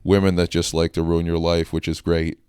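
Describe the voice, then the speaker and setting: A young man with a fairly low, smooth voice, recorded close and dry on a podcast mic. He talks in a casual, deadpan way, tossing out provocative comedy bits. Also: brisk, dry recording. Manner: deadpan, provocative shock humor with frequent laughs. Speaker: podcast co-host.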